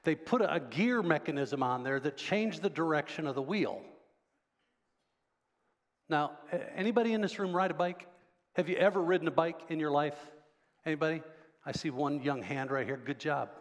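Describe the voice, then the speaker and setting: High-voiced pastor preaching. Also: male voice, normal speed. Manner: conversational, asks the congregation questions. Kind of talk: sermon. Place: church sanctuary. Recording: long hall reverb.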